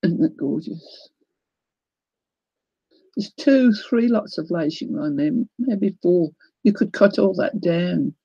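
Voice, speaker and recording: A woman chats live to her viewers as she unboxes crafting supplies, gushing and exclaiming, her voice tearful. Her tone is mellow, and the recording is dry and slightly muffled. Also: fairly low pitch, slow, slightly rough, no echo. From New Zealand. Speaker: crafting livestream host. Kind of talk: casual live unboxing chat.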